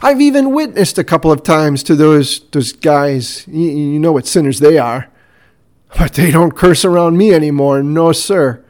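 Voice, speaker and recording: A man's voice: a little high, lively intonation, normal speed, a little mellow, natural voice. A man voicing a boastful, self-righteous churchgoing man who talks eagerly and emphatically about his own piety.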